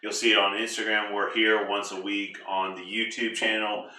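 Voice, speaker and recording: A man co-hosting a live cocktail show in a relaxed, casual chat. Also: lowish voice, moderate pace. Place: home kitchen, roomy. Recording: echoey kitchen, distant mic, faint noise.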